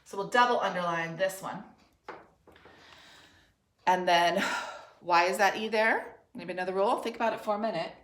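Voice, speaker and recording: A woman teacher leads a spelling dictation for third graders, spelling out words letter by letter in a slow, clear and encouraging way. Her voice sits at a middle pitch, and the room around her gives it a noticeable echo. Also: a bit bright. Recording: roomy echo.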